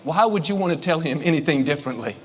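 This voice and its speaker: A middle-aged man preaching a sermon, upbeat and emphatic, drawing out affirmations slowly. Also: on the high side, expressive. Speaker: pastor. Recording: long hall reverb, faint noise.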